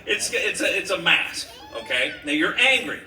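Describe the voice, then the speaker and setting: A man running a crowd-work improv game on stage, profane and shouting at times as he plays a shopkeeper. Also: high voice, big pitch swings, normal speed, a little hiss or hum. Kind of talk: live improv with audience volunteer. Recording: roomy live venue from far off.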